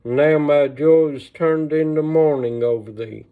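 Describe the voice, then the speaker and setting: A sorrowing old mother cries over her son, voiced by a man reading aloud. The lament is slow and measured, a little high for a man. It comes through thin and tinny, like a phone line. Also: clean tone. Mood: grieving.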